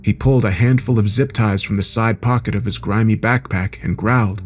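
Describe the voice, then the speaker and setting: A man narrating a horror story in a steady, measured way. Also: on the low side, faint music behind.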